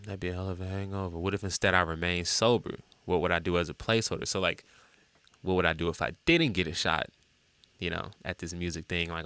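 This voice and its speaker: Low-voiced man rambling casually. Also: smooth, no echo. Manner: rambling, many fillers, lively swings up in pitch. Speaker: musician and TikTok creator. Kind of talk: casual talk to camera about his music.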